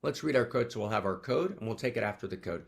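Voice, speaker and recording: Brief: male teacher on a video call, lively swooping pitch, exuberant, keeps checking in with his listeners. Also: fast talker, gravelly. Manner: exuberant, repeats questions, peppers talk with "right?". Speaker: teacher leading an online gathering. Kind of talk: animated spiritual teaching talk.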